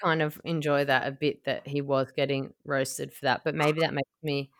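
A woman's voice: very deep voice, flat delivery, normal speed. A woman hosting a casual chat podcast, sarcastic and swearing freely, mocking people in silly quoted voices. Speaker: podcast host.

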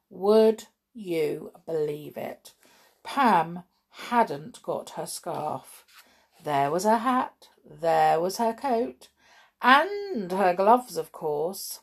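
A woman reading a children's story aloud in an animated, expressive way, with a few fillers. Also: fairly low pitch, slow pace, breathy edge.

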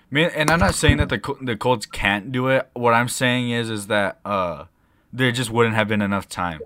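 A young man co-hosting a casual podcast, telling a rambling story with lots of swearing and excitable bursts. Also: mid-range voice, moderate pace, dry recording, clean studio sound. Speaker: podcast co-host. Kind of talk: casual chat.

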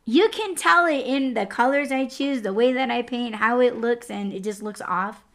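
A woman's voice: on the high side, normal speed. A young adult woman hosting a podcast, telling a personal story in a candid, profane, casual way. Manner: candid and profane, lively swings in loudness. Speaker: podcast host.

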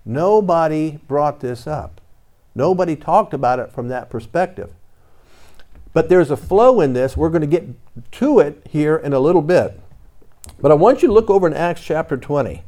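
A man's voice: on the high side, lively intonation, normal speed, dark tone. A man preaching a conversational sermon, telling his own story and reading scripture aloud in old-fashioned wording. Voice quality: reads scripture in King James wording.

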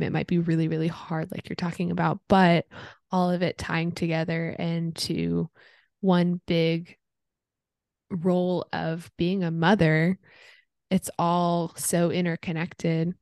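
A woman's voice: on the low side, vocal fry, darkish tone, dry recording, studio quality. A young woman hosting a podcast conversation, speaking thoughtfully and searching for her words. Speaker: podcast host. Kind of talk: casual conversation.

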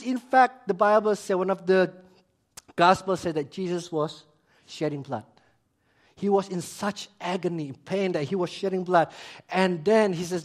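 High-voiced emphatic male preacher. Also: a little slow. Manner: emphatic, swings between loud high emphasis and quiet low asides; repeats phrases for emphasis, asks the audience questions. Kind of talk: sermon.

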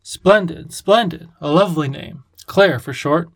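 A man voicing an excitable, lovestruck creature king who talks with a lisp. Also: a little high, a little slow, creaky. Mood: affectionate.

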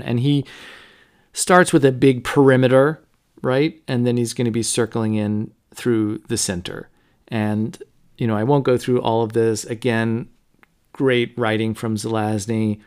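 A man hosting a podcast, talking through a novel in a low-key, conversational way with frequent fillers. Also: a little mellow, clean tone. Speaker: podcast host. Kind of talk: casual book discussion.

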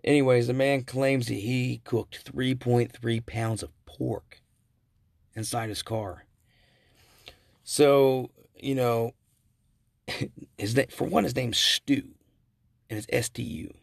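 A man's voice: medium pitch, fairly even intonation, slow pace, gravelly, long pauses, dry recording, studio quality. A man hosting a casual solo podcast, rambling through stories with self-corrections and chuckles. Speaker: podcast host.

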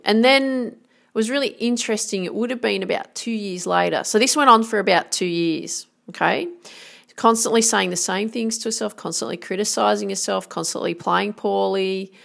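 A woman's voice: mid-range voice, gravelly. A middle-aged woman golf coach, giving an earnest, emphatic motivational talk.

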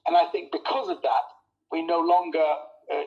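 A man, a comedian guest in a casual interview chat, animated and storytelling, laughing often and repeating words as he gets going. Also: on the high side, moderate pace, dull audio.

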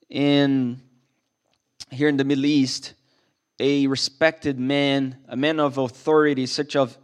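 A man's voice: medium pitch, clear, resonant tone. A man preaching a sermon as a pastor in a church, earnest and emphatic, often restarting his sentences.

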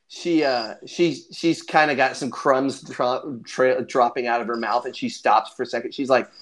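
A game master narrating a tabletop role-playing game in an animated, chatty way. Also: medium pitch. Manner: animated, chatty, laughs often.

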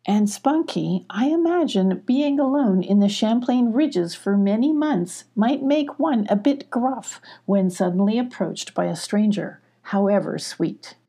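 A clever, steady male mountain goat, voiced by a woman reading a storybook. He explains things calmly and reassuringly in a husky, gravelly voice. The tone is mellow and low-key. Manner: calm, explanatory.

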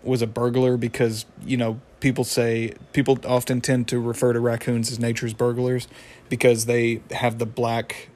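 A man's voice: mid-range voice, monotone, normal speed, darkish tone. A young man casually recapping a cartoon episode, rambling with lots of fillers and chuckling at the story. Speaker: show recapper.

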